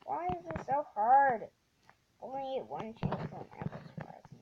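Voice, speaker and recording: A woman hosts her own gaming channel, talking through her play slowly, with many restarts and sudden excited outbursts. Her slightly high voice swings widely in pitch. The recording is dull and lo-fi, with clear steady noise behind her. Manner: halting, restarts often, bursts into excited exclamations. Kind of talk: casual gameplay commentary.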